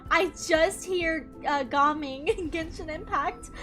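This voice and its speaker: A young woman gaming streamer speaks very high and slow, her voice pushed and bright. She chats casually through a let's-play, giggling and gushing as she plays. Game music runs under her commentary.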